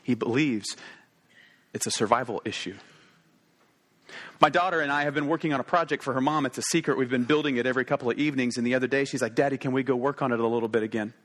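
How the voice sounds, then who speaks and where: This thirties-aged preacher tells his sermon as a narrative, alternating brisk conversational remarks with deliberate, emphatic silences. His mid-range voice has a slightly bright quality.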